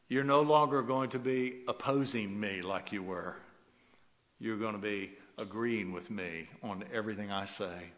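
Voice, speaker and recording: A man preaching a sermon, swinging from loud rising exhortation to hushed, soft passages. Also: fairly low pitch, unhurried, in a large hall. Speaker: pastor.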